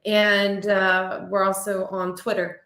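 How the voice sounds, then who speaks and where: A woman's voice: mid-range voice, level tone, fairly bright tone. Friendly woman in an echoey room. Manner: friendly, thankful, a bit halting. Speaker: podcast guest and medium. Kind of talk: casual chat.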